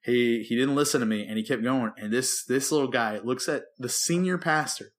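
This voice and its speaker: A man's voice: mid-range voice, fairly quick. Rambling man telling a story. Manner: rambling, animated storyteller with many restarts and acted-out quotes. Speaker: podcast co-host, former youth pastor. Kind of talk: casual storytelling chat.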